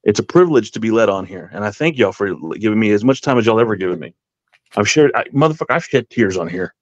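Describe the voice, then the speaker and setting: A man's voice: fairly low pitch, animated, fast talker, dry recording. Heartfelt rambling man on a dull line. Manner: heartfelt, rambling, stammering, profane. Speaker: podcast panelist. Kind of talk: casual chat.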